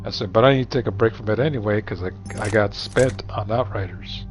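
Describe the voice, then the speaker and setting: Over faint music on a dull, lo-fi recording, a brisk, lowish male voice comes through. He's a streaming gamer in his 40s or 50s, middle-aged, gabbing loosely, cursing and ribbing his friends as he rambles on.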